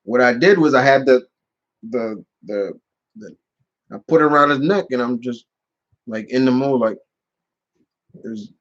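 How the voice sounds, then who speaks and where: Male streamer host, casual rambling storyteller, mid pitch, slightly muffled audio. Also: a little slow, long pauses. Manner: rambling storyteller with many restarts and fillers. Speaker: channel host answering live questions. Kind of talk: casual live Q&A chat.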